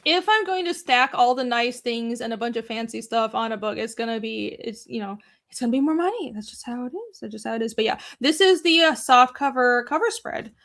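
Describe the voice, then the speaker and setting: Bright high-voiced woman chatting. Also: animated. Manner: chatty, self-deprecating, quick to tease. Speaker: podcast co-host and comic artist. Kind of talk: casual chat on a live stream.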